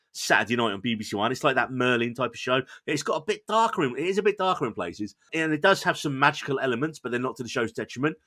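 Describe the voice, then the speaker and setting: Bright-voiced, chatty male podcast host. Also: medium pitch. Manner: enthusiastic, chatty, self-deprecating. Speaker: podcast co-host reviewing shows. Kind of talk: casual review chat.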